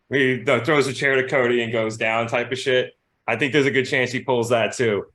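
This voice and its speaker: A man co-hosting a casual podcast, animated and quick to laugh, swearing casually. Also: mid-range voice. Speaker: podcast co-host. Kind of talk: casual chat.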